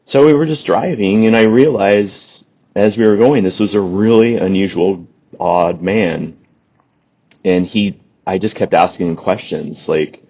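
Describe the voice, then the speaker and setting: A man with a very low voice tells a rambling personal story as a guest on a podcast. He stops and restarts as he talks. The audio is dull and lo-fi. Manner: rambling, animated anecdote with restarts. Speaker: author and guest.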